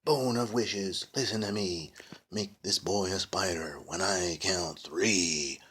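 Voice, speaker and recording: A man's voice: moderate pace, a bit bright, husky. A man voicing a mean old female witch in a storybook reading, with a cracked, screeching voice. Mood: gloating. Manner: shrill and bossy.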